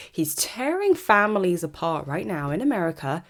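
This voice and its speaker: A woman's voice: medium pitch, sing-song, a little fast, hardly any pauses. A woman, hosting a podcast and delivering an opinionated monologue in a sarcastic, ranting, emphatic way. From Britain. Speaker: podcast host.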